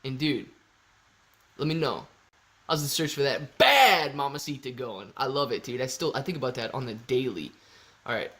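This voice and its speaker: A man hosting a casual livestream, reading viewer super chats aloud in a slangy, excitable way with sudden loud bursts. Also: medium pitch, normal speed. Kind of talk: casual live-stream chat.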